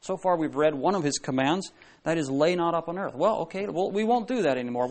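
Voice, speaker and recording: A man delivering a sermon in a loose, conversational style. His voice sits a little higher than most men's, and he keeps putting questions to the congregation and backing up mid-sentence. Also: animated, quick pace, a little mellow. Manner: conversational, asks the congregation questions, many restarts. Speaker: preacher.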